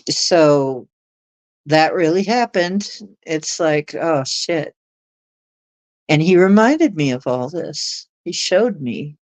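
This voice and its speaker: A middle-aged woman telling a personal story in a chatty, animated way. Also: deep voice, takes it slowly, low-quality recording. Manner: chatty, animated retelling with laughs and acted quotes. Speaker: astrology show guest. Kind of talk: casual storytelling.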